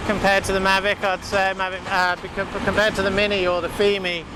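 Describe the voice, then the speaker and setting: A man talks through his drone flight outdoors in a casual, rambling way, stacking fillers and restarting sentences. His voice sits a bit high for a man. A faint outdoor hiss runs underneath. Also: completely flat delivery, fairly quick. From United Kingdom. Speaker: drone vlogger. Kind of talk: casual running commentary while flying a drone. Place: outdoors by a river.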